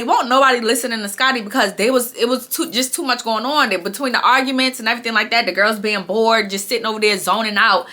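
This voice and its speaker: A young woman with a bright, fairly high voice talks casually to her viewers as she recaps a show. She is chatty and animated, often repeating phrases and speaking straight to her audience. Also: quick pace. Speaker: TV recap vlogger.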